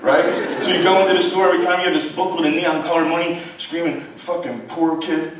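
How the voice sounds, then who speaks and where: A man's voice: on the high side, flat delivery, quick pace. A man in his thirties telling his life story to a theater audience in a blunt, profane, chatty way, often checking in with the crowd. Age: 30s. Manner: blunt, profane, conversational, keeps checking in with "right?". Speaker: guest speaker. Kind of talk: storytelling talk to a live audience. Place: large college theater, in front of a full house. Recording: very echoey theater, distant mic, faint hiss.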